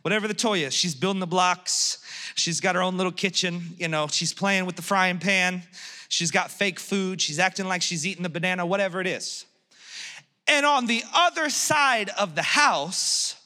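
Bright, high-voiced man preaching in a hall. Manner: animated storytelling, acts out family dialogue. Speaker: pastor. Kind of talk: sermon. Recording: long hall reverb.

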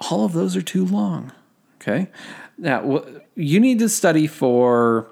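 Rambling man with a gravelly voice. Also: a little high, sing-song, measured pace, a little mellow. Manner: rambling, self-deprecating, with many fillers and restarts. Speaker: podcast host. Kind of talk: casual study-tips podcast.

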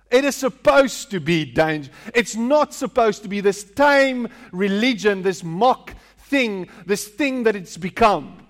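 A man's voice: sits high, lively intonation, slow pace. A man preaching a sermon, repeating phrases for emphasis and asking rhetorical questions in a large hall. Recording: long hall reverb.

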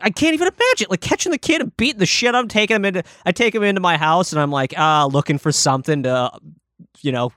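Lively, higher-voiced man reacting dryly on a call. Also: fast, no echo, studio quality. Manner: reacts with loud exclamations, jokey riffs. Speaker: podcast co-host. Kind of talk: casual chat. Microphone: Skype call.

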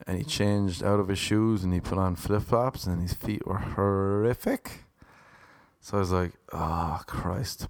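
A man's voice: fairly low pitch, no echo, clean studio sound. A man casually telling his viewers a profane, ranting story. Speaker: vlogger.

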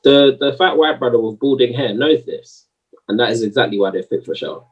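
Husky man arguing his point. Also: mid-range voice, fairly quick, recorded from a distance, lo-fi sound. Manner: animated, slangy, argumentative. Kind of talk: heated casual discussion.

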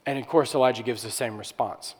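A man's voice: medium pitch, fairly even intonation, a little fast, breathy edge, long reverb tail. A male pastor preaching a sermon in a conversational way, with rhetorical questions and restarts.

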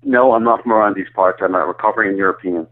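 A man's voice: fairly low pitch, fast. A man with an Irish accent, a guest calling in to an interview, talking earnestly and often stumbling and repeating words. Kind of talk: phone-in interview. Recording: tinny phone line.

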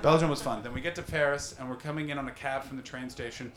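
A man in his thirties doing a stand-up comedy set, telling animated stories and teasing the crowd. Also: medium pitch, fast talker. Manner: animated storytelling, mocking crowd work with put-on voices. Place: comedy venue with live audience. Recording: roomy live venue echo.

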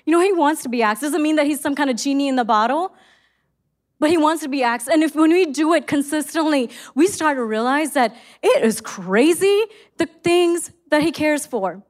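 High-voiced woman preaching a sermon. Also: normal speed. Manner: earnest storytelling, exclaims in quoted excitement.

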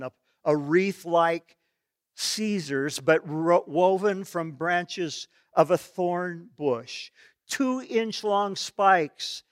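A male preacher retells a story in a vivid, solemn way. He speaks slowly in a slightly high, smooth voice, recorded close and dry. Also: dry recording. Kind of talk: dramatic sermon storytelling.

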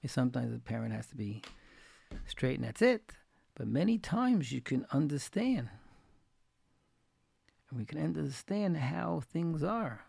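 A man with a rough, gravelly voice pitched a bit high tells folksy anecdotes in a Torah talk, repeating his key phrases to drive them home. The sound is dry and close, with no room around it. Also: very animated, a little slow, long pauses, a little mellow, dry recording. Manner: folksy, retells anecdotes with quoted dialogue. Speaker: religious teacher.

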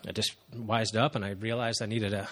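A man in his thirties giving an earnest, halting personal testimony to a congregation, with frequent pauses and fillers. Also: lowish voice, flat delivery. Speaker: church member giving testimony.

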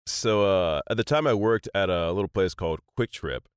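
Animated laughing man telling stories. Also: sits low, normal speed, smooth, dry recording, studio quality. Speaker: voice actor guest. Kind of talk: casual storytelling chat.

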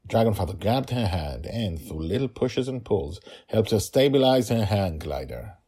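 A man, the author, reading his own story podcast with hurried, chatty asides. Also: fairly low pitch, sing-song, mellow, slightly rough. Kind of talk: storybook narration with casual asides.

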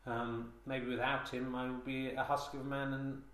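A man's voice: medium pitch, level tone, moderate pace, a bit bright. A man hosting a comedy podcast, rambling through a mock-solemn monologue with many hesitations and restarts, recorded on a handheld recorder. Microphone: handheld digital recorder. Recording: roomy, echoey room sound.

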